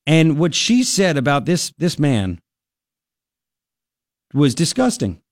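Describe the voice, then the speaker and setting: Animated high-voiced male talk host. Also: takes it slowly, no room sound, clean studio sound. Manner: animated, emphatic, ranting. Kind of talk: political talk commentary.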